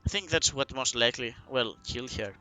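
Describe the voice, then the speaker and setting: A man's voice: mid-range voice, fairly quick, sharp tone, soft background music, close to an everyday voice, low-quality recording. A man putting on a somber grieving islander. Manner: reading game dialogue aloud, somber. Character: grieving gruff island man, bitter about his sister.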